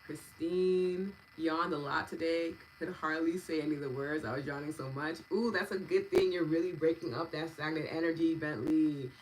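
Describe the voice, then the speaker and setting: A woman in her thirties, a meditation and EFT practitioner, hosting a live wellness session and chatting warmly with viewers by name. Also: sits low, fairly even intonation, moderate pace, few pauses, a little hiss or hum, rough recording. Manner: gentle, affectionate and chatty, thanking viewers by name.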